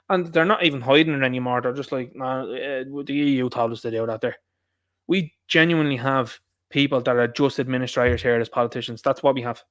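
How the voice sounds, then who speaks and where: Irish male commentator, sarcastic and rambling, rapid delivery, dry recording. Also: mid-range voice, dry recording. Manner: combative, sarcastic, rambling asides. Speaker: political commentator. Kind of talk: opinionated solo commentary.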